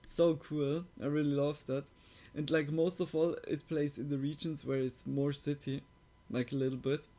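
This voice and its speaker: A man's voice: fairly high pitch, flat delivery, normal speed, warm tone. A man streaming live, casually reacting to a video in rambling talk full of "like" fillers. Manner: rambling, heavy use of "like" fillers.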